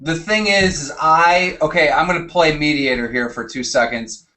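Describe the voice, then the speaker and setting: A man's voice: a little high, normal speed, pushed and bright. A man hosting a live call-in show, speaking hesitantly with many fillers. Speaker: show host and moderator.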